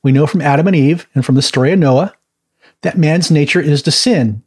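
Man, Bible teacher, fairly high voice, chatty informal teaching, quick asides, laughs at his own stories. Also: a little mellow.

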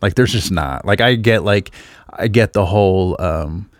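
A man's voice: deep voice, measured pace, dry recording, studio quality. A man in his thirties co-hosting a casual podcast chat, rambling and laughing often. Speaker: podcast co-host.

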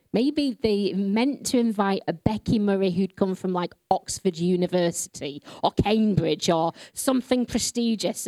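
A woman with a Yorkshire accent tells her story from the pulpit, earnest and quick to poke fun at herself. Her voice sits at an ordinary middle pitch and sounds close and dry, with almost no room around it. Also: darkish tone, no room sound. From England. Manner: earnest storytelling, self-deprecating. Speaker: ministry leader speaking to a congregation. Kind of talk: sermon-style testimony.

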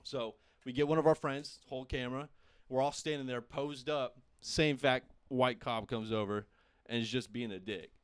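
A young man casually telling a profane, animated story among friends, laughing often. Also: mid-range voice, moderate pace, clean tone, no room sound. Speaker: podcast host.

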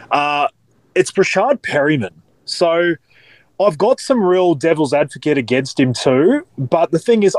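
A man's voice: fairly high pitch, no room sound. A man, a podcast guest talking in a casual, cheeky way. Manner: cheeky, laughs between lines.

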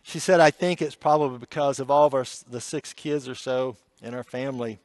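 A man preaching a sermon, telling an emotional story and shifting between hushed passages and loud, pleading ones. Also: medium pitch, no room sound, clean studio sound.

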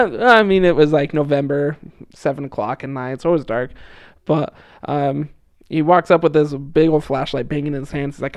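A young man, a returned missionary, is a guest on a podcast, casually telling a story. His voice is fairly high pitched, he's chatty with lots of fillers and frequent laughs, and there's no echo.

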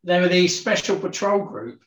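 A man's voice: sits high, expressive, moderate pace, fairly bright tone. A man co-hosting a podcast in casual chat, mostly agreeing and laughing, sometimes explaining. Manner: brief backchannel and laughter, then explains. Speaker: podcast co-host. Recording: echoey, dull mic.

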